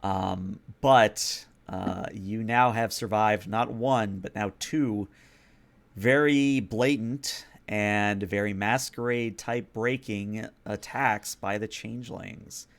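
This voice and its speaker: Male GM, low gravelly voice, easygoing narration of a tabletop game. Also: takes it slowly. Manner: relaxed, casual narration with fillers. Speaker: game master.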